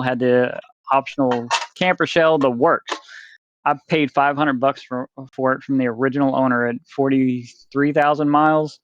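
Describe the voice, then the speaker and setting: A man's voice: medium pitch, no room sound, lo-fi sound. Man spinning a rambling story. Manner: rambling, swears freely, acts out quoted people. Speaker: podcast guest. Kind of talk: casual storytelling.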